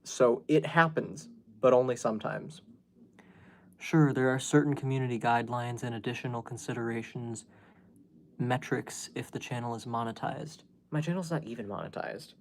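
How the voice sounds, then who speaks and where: A man's voice: medium pitch, normal speed. A man hosting a casual livestream from home, rambling to his viewers with many fillers and restarts. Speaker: YouTube livestream host.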